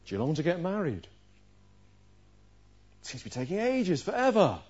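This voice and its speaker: A man preaching a sermon, pressing his listeners with rhetorical questions and moving between forceful, raised lines and quiet, low ones. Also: wildly swooping pitch, moderate pace, slightly rough. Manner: earnest preaching with rhetorical questions, swinging from loud to hushed. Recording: dull lo-fi recording.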